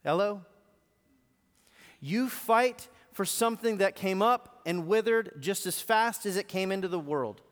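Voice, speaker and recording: A man's voice: high-pitched, measured pace. A man acting out God, who presses a wayward prophet with stern yet loving questions. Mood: pressing. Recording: long reverb in a live hall.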